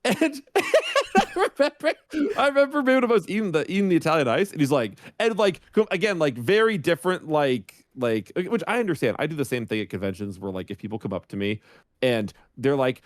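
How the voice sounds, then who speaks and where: A man's voice: a little high, fairly quick, no room sound, clean studio sound. A man on a podcast casually telling a funny anecdote, acting out the voices of the people in it. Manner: animated, acts out voices in his anecdotes. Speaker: guest streamer.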